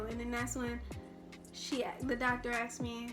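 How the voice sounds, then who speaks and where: A woman's voice: fairly high pitch, completely flat delivery, unhurried, over music. A young woman telling a personal story in a casual storytime vlog, rambling and full of restarts. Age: young adult. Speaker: vlogger.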